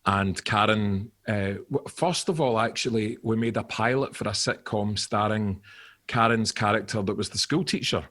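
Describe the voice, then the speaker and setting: A Scottish man in his forties, a guest actor on a podcast, telling animated stories and laughing often in casual chat. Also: fairly low pitch, moderate pace.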